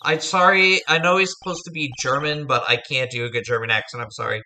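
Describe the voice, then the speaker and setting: A man's voice: medium pitch, fairly even intonation, fast, hardly any pauses, pushed and bright, slight background noise. A man giving chatty, self-deprecating commentary while playing a video game. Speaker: let's-play host.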